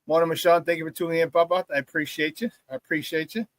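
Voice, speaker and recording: A man hosts a morning sports talk show with hype-man energy, casually greeting viewers and shouting out the chat. His voice is a little high and steady in tone, his delivery rapid-fire, with no echo.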